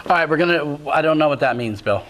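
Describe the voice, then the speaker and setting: Chatty high-voiced TV cooking host. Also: male voice, expressive, quick pace, fairly bright tone. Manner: chatty, enthusiastic, talks while eating. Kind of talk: casual TV cooking chat.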